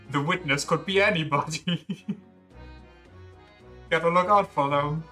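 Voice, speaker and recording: Playful streamer with bright tone. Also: medium pitch, slow pace, long pauses, soft background music. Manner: playful, chatty asides, laughing at own voices. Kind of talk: casual gameplay commentary.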